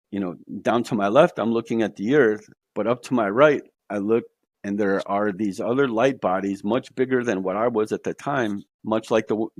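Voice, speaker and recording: A man's voice: lowish voice, dry recording, studio quality. A man telling his near-death experience as a podcast guest, earnest, with many fillers. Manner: earnest storytelling with fillers, quoting voices he heard.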